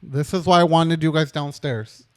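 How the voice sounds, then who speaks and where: A man's voice: a little high, steady tone, normal speed, no room sound. A young man co-hosting a casual podcast, telling a story in a rambling way full of "like" and "um". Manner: rambling, lots of "like" and "um". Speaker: podcast co-host.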